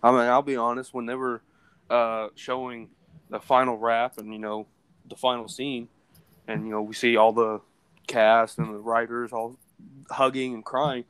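A man's voice: medium pitch, little pitch movement, moderate pace, a bit bright, clean tone, no echo. A young man co-hosting a casual podcast chat, talking earnestly and rambling with fillers. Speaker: podcast co-host.

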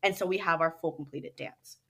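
A woman guest in a casual interview, telling stories in an animated way and acting out what others said. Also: deep voice, brisk, creaky, slightly rough. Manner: animated storyteller who acts out what others said. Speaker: guest, dance studio owner.

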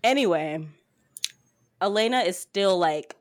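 A woman co-hosting a podcast, recapping a TV episode in casual chat, telling it with animated quotes and swearing freely. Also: fairly low pitch, a little slow. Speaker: podcast co-host.

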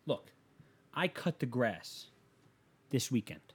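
A man hosting a show rants in a casual, comedic way, swearing freely and sounding exasperated. His voice sits at an ordinary middle pitch, and he punches points with sudden loud bursts. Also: very animated, slow pace, breathy edge. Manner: profane, exasperated, loud emphatic outbursts.

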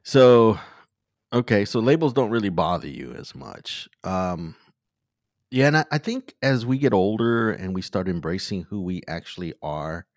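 Deep-voiced man hosting a podcast. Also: animated, moderate pace, no room sound, studio quality. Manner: thoughtful, hesitant with many fillers. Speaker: podcast host. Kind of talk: casual conversation.

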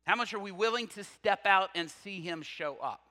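An animated man preaching in a church hall, with a bright, forceful voice pitched a little high. He reads scripture aloud, breaks off into laughing asides and puts questions to the room, and a long reverb trails each phrase. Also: moderate pace. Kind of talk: sermon.

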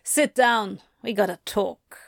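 Woman doing hot-tempered man, snappish, growling, slow. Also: medium pitch, vocal fry, dry recording, clean studio sound. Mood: snarling.

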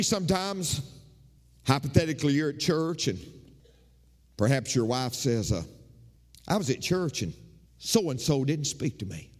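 A man preaching as pastor in a church, animated and rising in pitch as he drives his points home. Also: long reverb tail. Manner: animated preaching, mimics congregants with shifting pitch. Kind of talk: sermon. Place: church sanctuary.

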